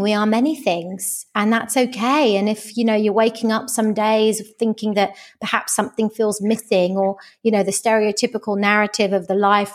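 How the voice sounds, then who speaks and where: A woman coaching on dating and relationships, chatting as a podcast guest and acting out the voices in her stories. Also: mid-range voice. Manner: animated storyteller who acts out quoted dialogue. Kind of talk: casual podcast interview.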